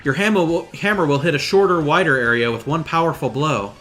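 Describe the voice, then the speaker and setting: A man voicing an earnest young female paper guide, pitching his voice up and sounding eager as he reads game dialogue aloud. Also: a little fast, fairly bright tone, soft background music, lightly acted. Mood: coaching.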